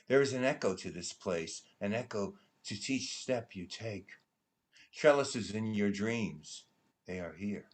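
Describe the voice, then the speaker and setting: Man, deep low voice, unhurried, dramatic poetry recitation, hushed trailing line endings. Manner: hushed, trailing into near-whispers at line ends. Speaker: poetry reader at a benefit concert. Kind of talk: slow dramatic recitation of a prose poem.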